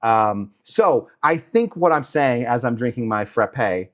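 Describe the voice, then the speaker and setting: A man's voice: medium pitch, animated, slow pace. A middle-aged man hosting a live cocktail show from a hotel room, rambling and reflective as he talks, with frequent fillers and chuckles. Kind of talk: casual live-stream monologue.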